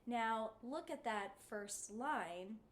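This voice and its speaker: A woman's voice: on the high side, expressive, drawn-out words. A woman giving a singing lesson, encouraging her students and showing them the sounds with sung vowels. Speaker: voice teacher.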